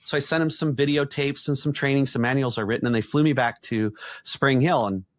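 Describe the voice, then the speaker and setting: A middle-aged executive coach talks briskly in a mid-range voice during a podcast conversation. His stories are blunt and animated, and he acts out the quotes as he goes.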